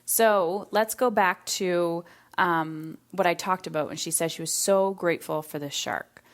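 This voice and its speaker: A woman's voice: on the low side, unhurried. A woman hosting a solo podcast in a casual, reflective way, acting out the voices of people she quotes. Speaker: podcast host.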